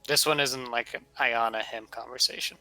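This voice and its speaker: A man running a tabletop game, narrating scenes and calling for checks in a relaxed, steady way. His voice is bright and forward, at a middle pitch. Faint music plays behind him. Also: normal speed, poor audio. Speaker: game master.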